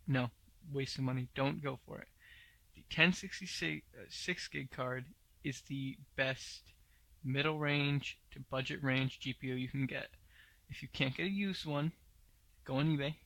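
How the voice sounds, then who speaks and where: Blunt, gravelly man hosting a tech podcast. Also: mid-range voice, fairly bright tone, dry recording. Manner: opinionated, blunt, many fillers. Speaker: podcast host. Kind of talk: casual tech news commentary.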